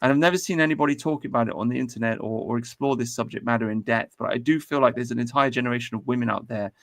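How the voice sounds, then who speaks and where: A man's voice: medium pitch, very fast, gravelly. A man hosting a casual chat, rambling and swearing as he airs his views. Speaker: podcast host.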